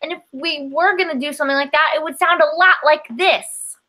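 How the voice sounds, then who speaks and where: An upbeat woman co-host chats casually and reads out thanks to supporters. Her voice is high and bright, with a sharp edge. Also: steady tone, brisk. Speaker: podcast co-host. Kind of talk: casual chat.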